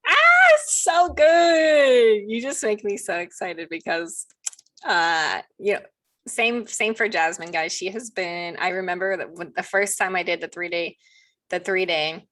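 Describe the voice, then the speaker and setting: A woman's voice: fairly low pitch, fairly bright tone, dry recording. A woman hosting a coaching podcast call, effusive and exclamatory, gushing over her guest's story. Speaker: podcast host.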